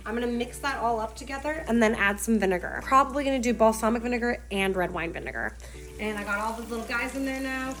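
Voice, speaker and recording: Chatty, swearing young woman vlogger. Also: a little high. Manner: profane, emotional, chatty. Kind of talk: casual vlog chat. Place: home kitchen.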